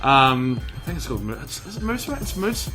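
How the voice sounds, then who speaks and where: A man's voice: mid-range voice, sing-song, fast talker, pushed and bright, soft background music. A man hosting a podcast in casual chat, rambling with lots of restarts, buzzing on caffeine. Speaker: podcast host.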